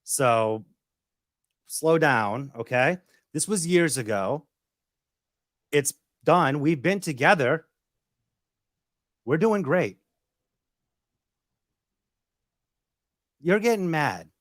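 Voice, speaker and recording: A man's voice: fairly high pitch, expressive, slow pace, long pauses, dry recording, studio quality, pitched below the performer's own voice. A man playing a defensive, hot-tempered husband in an improv scene, sarcastic and blustery.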